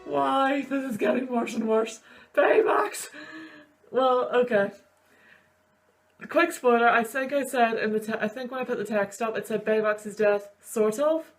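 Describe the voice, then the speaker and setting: A woman's voice: a little high, a little slow, faint music behind. Emotional young woman reacting to films. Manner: gushing, rambling, sniffly over sad scenes. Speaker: university student and video host.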